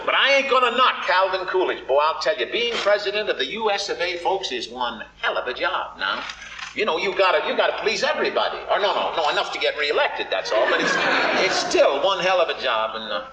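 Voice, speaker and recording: A drawling folksy cowboy humorist, echoey stage. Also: male voice, a little high, big pitch swings, brisk. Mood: wry. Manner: drawling, homespun grammar, teasing asides to the audience. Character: folksy wisecracking cowboy humorist, middle-aged man. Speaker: one-man stage show performer. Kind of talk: live stage monologue. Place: theater stage before an audience. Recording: echoey, dull live stage recording from far off with loud noise. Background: audience laughter.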